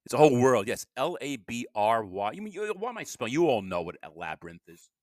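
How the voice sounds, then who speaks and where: A man's voice: mid-range voice, big pitch swings, quick pace, no echo, clean studio sound. A middle-aged man hosting a podcast, rambling through a solo monologue and often breaking off mid-sentence, his voice tired. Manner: meandering, self-interrupting, swings between loud and mumbling. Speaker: podcast host.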